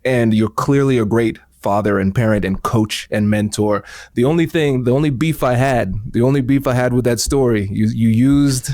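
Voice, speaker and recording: A man's voice: medium pitch, moderate pace, darkish tone, no echo. Bantering male guest, dry and close. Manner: friendly, joking banter. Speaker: guest, negotiation expert. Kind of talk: casual interview chat.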